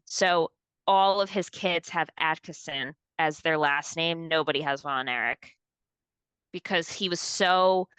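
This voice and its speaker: Low, smooth-voiced woman chatting animatedly. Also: unhurried, dry recording. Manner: animated, acts out quoted voices. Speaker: podcast co-host. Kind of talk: casual pop culture chat.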